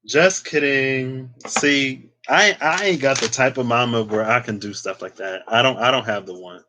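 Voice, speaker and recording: A man's voice: medium pitch, moderate pace, bright, forceful tone, slight background noise, poor audio. Chatty man giving a tarot reading. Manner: chatty, lots of "like" and playful asides. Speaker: tarot reader.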